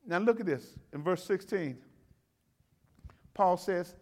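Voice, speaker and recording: High-voiced man preaching folksy. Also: lively intonation, slow, a little mellow. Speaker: pastor. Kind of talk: sermon.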